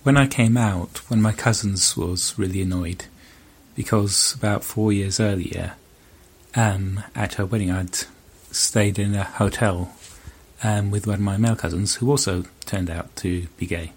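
A man's voice: on the low side, fairly even intonation, a little slow. A man dryly telling a short personal anecdote. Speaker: podcast guest. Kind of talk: told anecdote.

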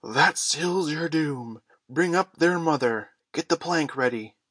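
A man's voice: medium pitch, unhurried, no echo. A man voicing a menacing, gloating pirate captain who snarls and roars orders. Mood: commanding. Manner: snarling, syrupy, roaring orders.

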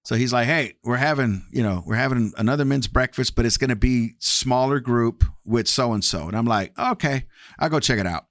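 A man's voice: mid-range voice, normal speed, fairly bright tone, no echo, clean studio sound. A man telling his personal testimony in a casual, candid way, acting out past conversations with shifting voices. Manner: candid, acts out past dialogue with varied voices. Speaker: guest sharing testimony.

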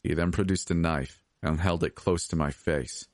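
A man reading a scripted horror story as podcast narrator, steady and measured. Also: low-pitched, dry recording.

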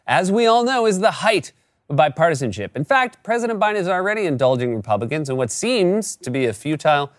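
A male comedy host doing a sarcastic scripted monologue with a lively, bouncing pitch. His voice sits fairly high and sounds dry and close to the mic. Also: fast, dry recording. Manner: sarcastic, animated delivery. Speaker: late-night comedy host.

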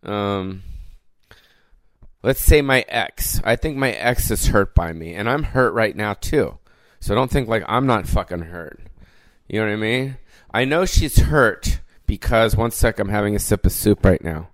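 A man's voice: fairly low pitch, expressive, a little slow, dry recording. Rambling, foul-mouthed male podcast host. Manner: rambling, profane, lots of fillers. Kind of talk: casual solo rant. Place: recorded alone without producers.

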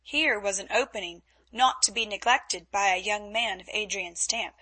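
A woman narrating a classic novel as an audiobook, in a measured storytelling manner. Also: medium pitch, sharp tone, husky.

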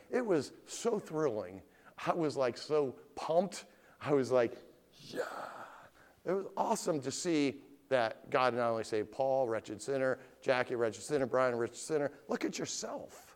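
Impassioned preacher with a lively, rising voice. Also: male voice. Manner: impassioned preaching, swings between loud rising questions and low quiet asides; reads scripture in a heightened, drawn-out voice. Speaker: pastor. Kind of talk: sermon.

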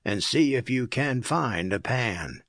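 A man's voice: mid-range voice, expressive, takes it slowly, fairly bright tone, no echo, studio quality, heavily acted. A man voicing a self-assured male tramp cook who gives curt, superior orders. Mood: commanding.

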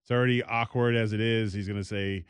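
A man co-hosting a casual talk show, telling stories in an animated way and slipping into high mock voices. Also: fast, clean tone, no room sound. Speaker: podcast co-host. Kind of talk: casual chat.

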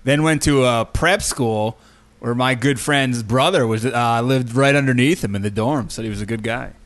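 A man's voice: medium pitch, normal speed. A man co-hosting a podcast in casual, joking chat, reading write-ups aloud with a wry tone. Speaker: podcast co-host.

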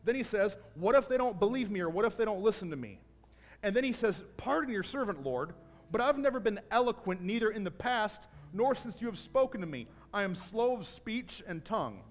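A man preaching a sermon to a congregation in a church, telling Bible stories and building to a shouted call to action. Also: high voice, lively intonation, brisk. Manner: builds from storytelling to shouted exhortation. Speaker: pastor. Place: church sanctuary. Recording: long hall reverb.

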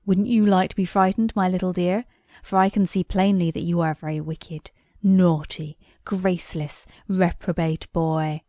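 A woman voicing a loud, pompous male sorcerer who bullies children, with a blustering, shouting manner. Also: fairly low pitch, fairly even intonation, normal speed, no echo, lightly acted. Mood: sneering. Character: greedy bullying male sorcerer, pompous and noisy.

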